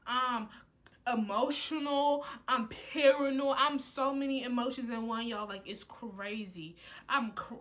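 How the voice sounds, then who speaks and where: A young woman telling a heated storytime to camera, animated and full of "like" fillers. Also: on the high side, a little slow. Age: young adult. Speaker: college student vlogger. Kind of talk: casual storytime.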